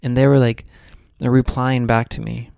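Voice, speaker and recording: A man's voice: medium pitch, little pitch movement, a little slow, creaky, a little mellow, clear, resonant tone, no echo, clean studio sound. A young man, a podcast co-host, telling a rambling spiritual story in casual chat, full of "like"s.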